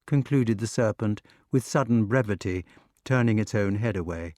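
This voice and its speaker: A man narrating an unabridged audiobook with measured, expressive storytelling. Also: lowish voice, no echo, studio quality.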